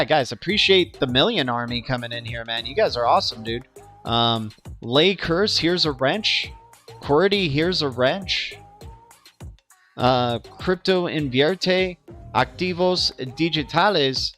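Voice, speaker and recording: A man's voice: mid-range voice, bright, forceful tone. A young man of Cuban background hosting a crypto livestream, chatting casually with viewers and often stumbling and repeating words.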